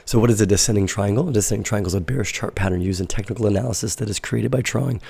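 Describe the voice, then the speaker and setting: A man hosting a casual crypto trading livestream, his voice raspy from being sick, talking in a relaxed, rambling way with fillers. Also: lowish voice, very fast, dry recording. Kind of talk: casual livestream market analysis.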